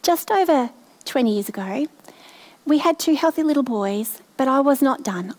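A middle-aged woman delivers a sermon in a high voice. She speaks slowly and from the heart, weaving a personal story into her message. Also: animated, darkish tone. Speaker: preacher.

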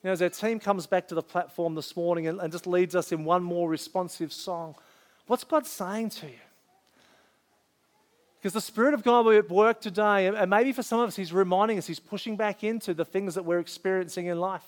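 A man speaking as a pastor, earnestly leading an altar call and prayer in a church sanctuary, with soft drawn-out pauses. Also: sits high, fairly even intonation.

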